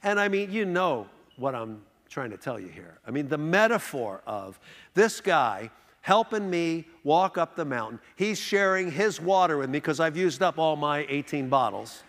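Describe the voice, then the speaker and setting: A man's voice: on the high side, sing-song, moderate pace, fairly bright tone. A man giving a humorous storytelling talk with self-deprecating comic timing, recorded in a large hall. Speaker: speaker. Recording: long hall reverb.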